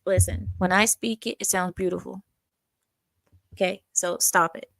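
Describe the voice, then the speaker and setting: A woman's voice: fairly low pitch, steady tone, a little slow, creaky, fairly bright tone, no room sound. A woman doing casual reaction commentary on clips, blunt and sassy, scolding the speaker she reacts to.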